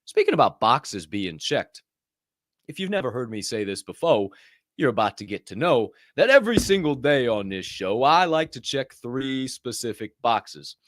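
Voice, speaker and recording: A man hosting a morning show, his pitch leaping all over the place as he hypes up his listeners. He is playful and goofy, dropping into hushed asides and then bursting out loud again. The sound is dry and close, with no room around the voice. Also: very animated, normal speed, no echo. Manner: playful, hyped, sips coffee between lines. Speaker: podcast host. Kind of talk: energetic morning show monologue.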